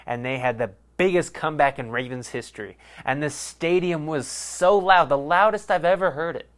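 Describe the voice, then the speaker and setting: A man's voice: on the high side, moderate pace, fairly bright tone. A young man hosting a sports podcast, rambling in a casual, profane and self-mocking way. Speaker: podcast host.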